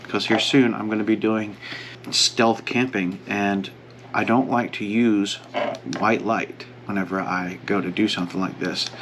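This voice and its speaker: A man's voice: on the low side, fairly even intonation, a little slow. Chatty man vlogging over background noise. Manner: chatty, joking, talks to the camera. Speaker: outdoor vlogger. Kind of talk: casual vlog narration.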